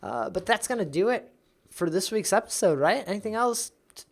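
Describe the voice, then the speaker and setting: A man co-hosting a casual beer podcast, relaxed and quick to laugh, wrapping up the show with plugs. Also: high voice, gravelly. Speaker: podcast co-host. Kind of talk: casual chat.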